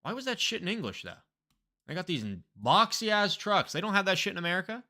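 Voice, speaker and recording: A man's voice: sits high, big pitch swings, fairly quick, pushed and bright. A male streamer casually commenting on a game live, swearing and thinking aloud.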